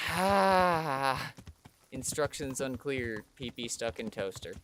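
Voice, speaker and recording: A man streams a video game and comments casually as he goes. He talks slowly in a somewhat low voice, chatting to the character on screen and poking fun at his own mistakes. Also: fairly bright tone, a little hiss or hum. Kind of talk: casual let's-play commentary.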